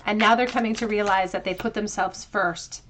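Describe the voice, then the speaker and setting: A woman's voice: mid-range voice, steady tone, normal speed, a bit bright, a little hiss or hum. A woman giving a pick-a-card tarot reading to her viewers, earnest and reflective, drawing out key phrases for emphasis. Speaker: tarot reader.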